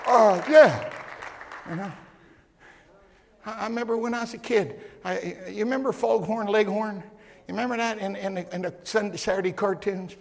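A man preaching a sermon as pastor, shouting at times and repeating words as he builds. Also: high-pitched, normal speed, creaky, long pauses, big-room sound, a faint crowd. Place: church.

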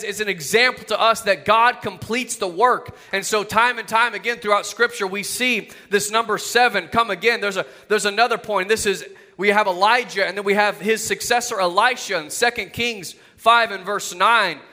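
Guy preaching hard, high bright voice, lots of rhetorical questions, big hall echo. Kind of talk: sermon.

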